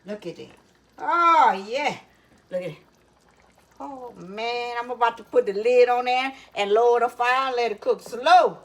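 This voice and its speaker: A woman's voice: on the high side, a little slow, low-quality recording. A woman with a Louisiana Cajun accent hosting a casual home cooking vlog, chatty and folksy, always telling viewers to look. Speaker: cooking channel host. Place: home kitchen.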